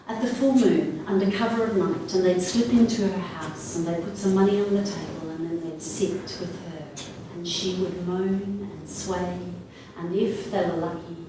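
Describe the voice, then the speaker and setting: Australian woman, folk storyteller, lilting, expressive, very echoey room, distant mic. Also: mid-range voice, a little hiss or hum. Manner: lilting, expressive, dropping to a hush in ritual passages.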